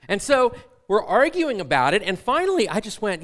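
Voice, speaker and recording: Animated, self-mocking middle-aged male pastor. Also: high-pitched, normal speed, hardly any pauses. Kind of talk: sermon storytelling.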